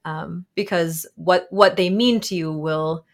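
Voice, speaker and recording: A therapist and author in her thirties speaks slowly as a guest in a casual interview, her lowish voice fairly even in intonation. She comes across as reflective, with frequent fillers and soft laughter.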